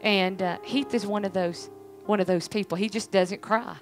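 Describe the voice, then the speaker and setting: A middle-aged woman with a drawl speaks to a church congregation, earnest and emphatic, circling back on her phrases. Her voice sits at an ordinary pitch, with soft music faintly underneath. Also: fairly even intonation, moderate pace, low-quality recording. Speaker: church speaker, pastor's family. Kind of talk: church testimony talk.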